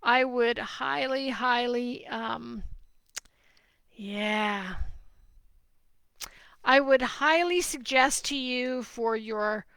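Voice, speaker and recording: Slow, bright-voiced emphatic woman. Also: a little high, gravelly, smooth, no echo. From New Jersey, USA. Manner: animated, opinionated, emphatic. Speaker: nutrition consultant answering viewer questions. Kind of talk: live Q&A stream.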